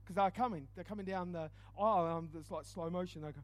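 A man preaching a storytelling sermon, swinging from loud exclaims to hushed asides. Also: high voice, fast, few pauses.

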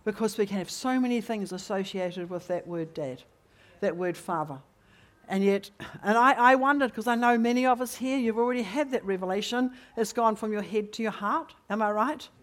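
A middle-aged woman preaching in a church meeting, telling a personal story with lively rhetorical questions to the congregation. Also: medium pitch, normal speed. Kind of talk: sermon testimony.

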